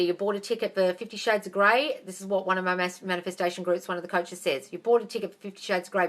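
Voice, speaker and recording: Calling her listeners darling, an Australian woman in her thirties takes viewer questions during a livestream, her answers blunt and full of swearing. She works as a manifestation coach and speaks in a medium-pitched, fairly bright voice.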